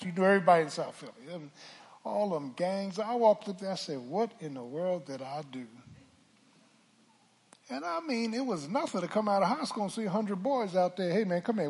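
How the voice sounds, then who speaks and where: An older man preaching a sermon from the pulpit, calling for a witness and swinging from hushed asides to shouts. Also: high-pitched, husky. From Philadelphia. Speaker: pastor. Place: church sanctuary. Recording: church hall reverb.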